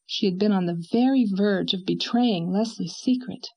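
Woman narrator, audiobook; even, slightly husky storytelling delivery. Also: mid-range voice, normal speed, poor audio.

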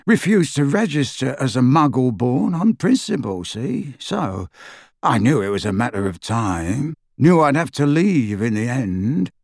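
Mellow family man read by the narrator: chatty, animated, relaxed. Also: medium pitch, measured pace, no room sound, clean studio sound. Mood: easygoing. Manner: easygoing, chatty. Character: mellow-voiced middle-aged wizard father, easygoing. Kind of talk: audiobook character voice.

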